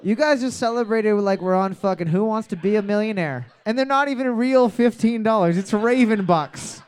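A man with a high, smooth and resonant voice runs a comedy trivia night. He reads every question twice and fills the gaps with crude, joking banter. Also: moderate pace. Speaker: trivia host.

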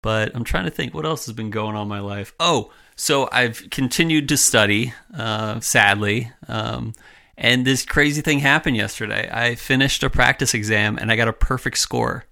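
A young man co-hosting a podcast, chatting in a relaxed, rambling way with lots of fillers. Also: medium pitch, normal speed, creaky. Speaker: podcast co-host. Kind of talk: casual chat.

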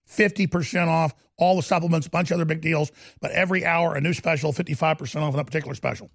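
A man's voice: fairly high pitch, fairly even intonation, fast talker, creaky, no echo, studio quality. A middle-aged man hosting a talk radio show, ranting fervently and combatively and hammering points through repetition between ad reads.

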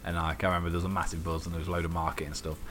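A man in casual chat as a podcast co-host, telling stories in an animated way, swearing freely and acting out the voices of people he quotes. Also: low voice, rapid-fire, faint music behind.

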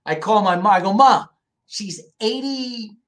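A middle-aged man from the Philadelphia area, a guest in an interview, telling family stories in a lively, casual way and often checking in with "right?". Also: high voice, moderate pace. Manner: animated storyteller, asks "right?" often. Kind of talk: casual storytelling.

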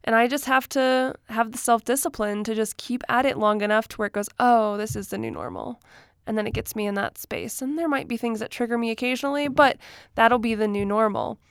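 A woman's voice: a little high, a little fast, gravelly, clear, resonant tone, dry recording. Chatty young woman, dry close mic. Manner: chatty and candid, laughing often, many fillers. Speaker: vlogger and author. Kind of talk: casual personal talk to camera.

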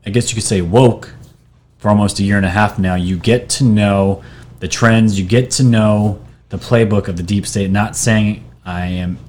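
A man's voice: lowish voice, fairly even intonation, normal speed, a little mellow, slight background noise. A man hosting his own video channel, talking casually and rambling while reading posts and articles off his screen, with restarts and fillers. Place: New York.

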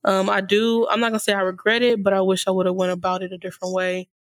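A woman's voice: mid-range voice, level tone, quick pace, no room sound. A young woman hosting her channel, casually telling a personal story and often calling her viewers y'all. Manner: chatty, addresses viewers as y'all. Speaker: host.

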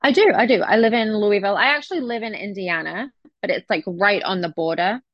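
Chatty English actress, muffled dry audio. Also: female voice, medium pitch, fairly quick, no room sound. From England. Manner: relaxed, chatty, with frequent restarts. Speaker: actress guest. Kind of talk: casual interview chat.

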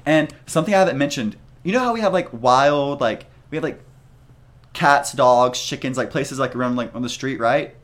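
A man's voice: medium pitch, moderate pace, fairly bright tone. Young man, podcast co-host, casual travel story, rambling, lots of filler words, mid-range voice.

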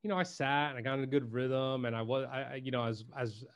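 Brief: male podcast guest, mid-pitch, casual, emphatic, salty language, lots of restarts. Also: fairly even intonation, fast talker, smooth. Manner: emphatic, loose and profane, with many restarts. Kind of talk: casual chat.

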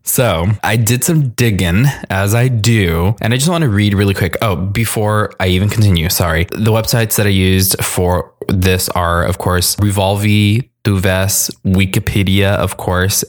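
A man with a deep, low voice hosts a spooky podcast from home. He talks in a loose, rambling and animated way, with restarts and the odd curse word. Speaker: podcast host. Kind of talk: casual horror podcast storytelling. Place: alone in his apartment living room.

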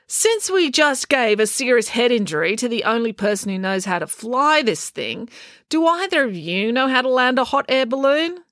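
A woman's voice: a little high, big pitch swings, normal speed, a bit bright, no room sound, studio quality, pitched above the performer's own voice. A woman voicing a blunt, matter-of-fact younger boy in a storybook reading. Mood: dry. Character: young, blunt, practical little brother.

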